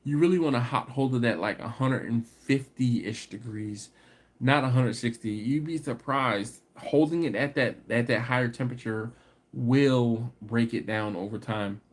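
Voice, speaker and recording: A man hosts a barbecue live stream, reading out viewer comments and answering them in easygoing, casual talk. He laughs readily and his voice climbs when something annoys him, turning into animated, exasperated rants. His pitch sits in an ordinary middle range for a man. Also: moderate pace. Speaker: barbecue channel host.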